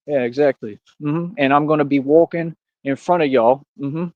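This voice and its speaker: A brash man rants on a live stream, boasting and daring his critics in heavy street slang. His voice sits a little high for a man. The dry, dull, lo-fi stream audio has no room sound at all. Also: normal speed, dry recording. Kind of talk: casual streaming rant.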